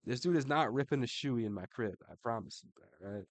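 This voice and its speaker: A man's voice: medium pitch, lively intonation, fast, no room sound. A young adult man giving casual ranking commentary, slangy and profane, saying "bro" after nearly every line. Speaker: MMA commentator.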